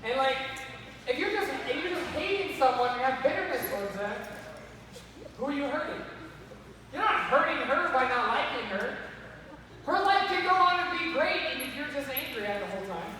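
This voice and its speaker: A man preaching to kids, animated and repeatedly calling them to listen. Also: very high-pitched, normal speed. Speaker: youth speaker. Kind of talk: sermon to kids. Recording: echoey hall from far off, faint noise.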